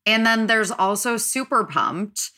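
Bright-voiced chatty woman podcast host. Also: fairly high pitch, measured pace. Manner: chatty, filler-heavy, animated. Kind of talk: casual chat.

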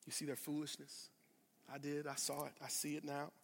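Guy preaching, pretty high voice, gets loud then drops real quiet, repeats stuff to the church. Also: monotone, a little fast, creaky, long reverb tail. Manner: dramatic preaching, swinging from loud to hushed; addresses congregation directly, repeats phrases for emphasis. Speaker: pastor. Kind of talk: sermon.

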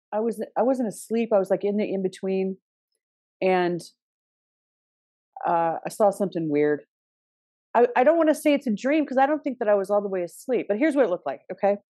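A woman's voice: mid-range voice, dark tone, no echo, clean studio sound. A middle-aged woman hosting a casual astrology talk, chatty, restarting often and laughing now and then. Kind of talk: casual spoken advice.

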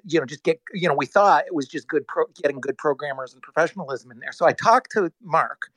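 A man in casual talk as a guest, telling a story in a rambling, animated way, full of restarts and acted-out quotes. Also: on the high side, fast, few pauses, dry recording, poor audio. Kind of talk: casual storytelling on a live audio chat.

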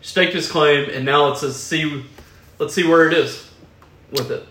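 A man's voice: fairly high pitch, steady tone, measured pace, fairly bright tone. A man co-hosting a casual podcast, explaining things steadily to listeners. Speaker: podcast co-host. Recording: echoey room.

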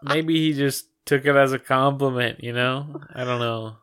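A man's voice: medium pitch, fairly even intonation, moderate pace, fairly bright tone, clean tone. A man in a casual chat, answering with short agreements and joining the jokes.

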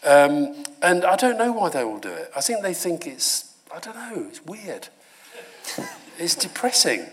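Animated British man telling stories. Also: sits high, a little slow, a little hiss or hum. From Britain. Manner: animated storyteller, laughs and mimics voices. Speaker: guest speaker. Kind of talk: live Q&A conversation. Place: university lecture hall.

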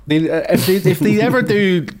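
A man's voice: sits high, expressive, fairly quick, darkish tone. A man co-hosting a podcast, swearing and ranting in casual banter with friends. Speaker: podcast co-host.

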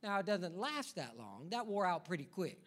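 A man's voice: high voice, big pitch swings, normal speed. A man preaching a sermon as pastor, building his points through rhythmic repetition and rhetorical questions to the congregation.

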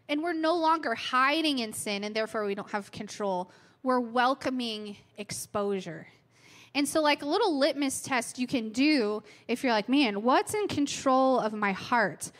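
Woman preacher, thirties, slightly high voice, casual candid delivery, fighting a cold. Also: fairly bright tone. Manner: candid, self-mocking storytelling with fillers. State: has a cold, clearing her throat. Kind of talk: sermon.

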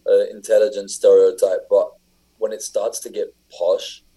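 A man's voice: lowish voice, level tone, normal speed, warm tone, husky, rough recording. A young English man chatting casually, telling stories with lots of fillers and restarts. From England. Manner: rambling, filler-heavy storytelling. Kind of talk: casual chat.

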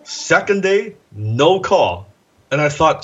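A man, a guest in an interview, tells a story from his past in a casual, animated way, acting out the voices he quotes and swearing now and then. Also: medium pitch, moderate pace, highs cut off, slight background noise. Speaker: guest entrepreneur.

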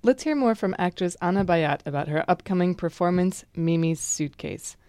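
A woman hosting a public radio interview show, asking measured questions and reading the links between segments. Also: lowish voice, lively intonation, mellow, no room sound. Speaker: radio host.

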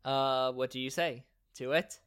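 A man narrates a tabletop game as its game master. His voice is smooth and resonant, in a middle range. He describes scenes casually, with filler words along the way. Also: medium pitch, unhurried. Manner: relaxed, conversational narration with fillers.

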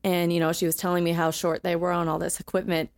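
A woman's voice: lowish voice, flat delivery, fast talker, no echo. Chatty young woman podcast host, dry sound. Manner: chatty, laughs often, many fillers. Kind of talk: casual podcast chat.

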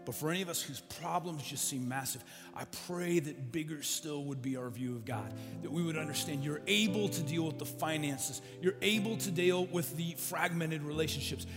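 A man pastor preaches and prays in an earnest voice, stacking his lines into emphatic repetition. His voice carries a long reverb through a large church. Instrumental music plays clearly beneath him. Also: on the high side. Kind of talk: sermon and prayer.

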